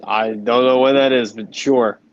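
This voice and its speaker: A man's voice: mid-range voice, steady tone, measured pace, muffled recording. A man on a sports podcast over a video call, ranting bluntly and swearing casually. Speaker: podcast panelist.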